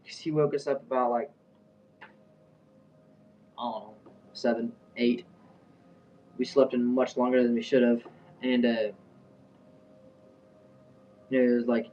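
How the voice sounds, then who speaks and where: A man's voice: mid-range voice, steady tone, takes it slowly, pauses often, darkish tone, slight background noise. A young man casually telling a story, rambling with fillers and restarts. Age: young adult. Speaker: vlogger. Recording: dull sound, a bit far from the mic.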